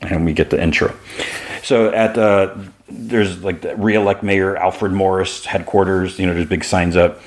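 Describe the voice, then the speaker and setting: Male podcast host with a deep voice, casual and rambling, peppers the recap with fillers. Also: fairly even intonation, measured pace. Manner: rambling retelling, full of fillers like "like" and "you know".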